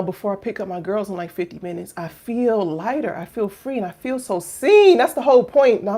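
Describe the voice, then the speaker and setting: A woman in her thirties, a life coach who founded a finishing school, talks to camera in a casual, heartfelt way with a mid-range voice. She drifts from hushed reflection to loud exclamations, using many fillers and rhetorical questions.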